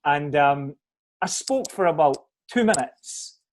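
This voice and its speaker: A man hosting a podcast, chatty and jokey, quick to interject with questions and stories. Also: fairly high pitch, expressive. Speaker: podcast host.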